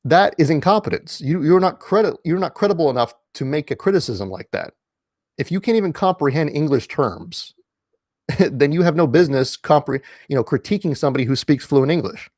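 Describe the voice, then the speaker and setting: A fairly high, lively, slightly mellow male voice moves at a brisk clip in a studio-quality recording without echo. The speaker, an online commentator at home, offers a casual, lecture-like monologue that is emphatic and repetitive, with plenty of fillers and restarts.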